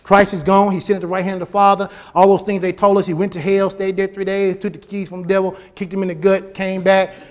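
A man preaching a sermon, animated and building to shouts. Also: high voice, quick pace, few pauses. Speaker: pastor.

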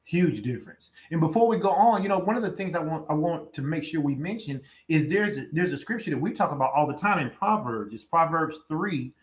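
A man's voice: fairly high pitch, lively intonation, fairly quick, few pauses. A man preaching in a conversational sermon, emphatic and repeating lines for weight. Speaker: pastor.

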